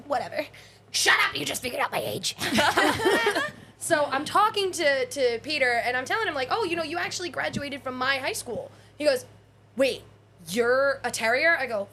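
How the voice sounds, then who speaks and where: A woman in her forties co-hosting a podcast, telling animated stories in casual chat, acting out quoted voices, swearing and laughing often. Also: sits high, slight background noise. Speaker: podcast co-host.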